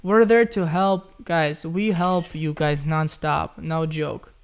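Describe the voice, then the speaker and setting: Young male live-stream host, from Ukraine, smooth slightly high voice, loose chatty delivery answering viewer questions. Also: fairly even intonation, takes it slowly. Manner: chatty, reads chat questions aloud, says "guys" often. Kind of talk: casual live Q&A.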